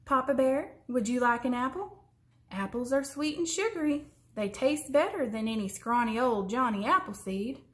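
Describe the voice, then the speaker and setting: A woman's voice: fairly high pitch, expressive, normal speed, natural voice. A woman voicing a cheerful kindly orchard man. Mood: friendly coaxing. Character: cheerful kindly male orchard worker, adult. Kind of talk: storybook character voice.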